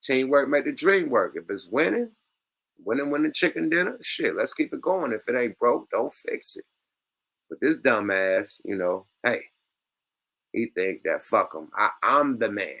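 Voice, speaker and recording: A man's voice: medium pitch, normal speed, gravelly. A man hosting a reaction show, talking in loose, profane casual commentary with street slang. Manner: animated, laughs loudly, loose street slang. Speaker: show host reacting to clips.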